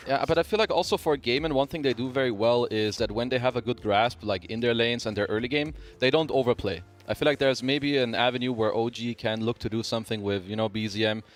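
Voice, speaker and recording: A man giving casual esports analysis at a brisk clip, with a dry, wry edge. Faint music plays behind him. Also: medium pitch.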